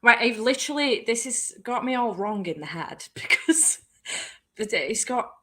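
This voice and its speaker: Bright-voiced woman chatting. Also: a little high, moderate pace. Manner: animated, laughing, swearing. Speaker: booktube host. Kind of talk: casual chat.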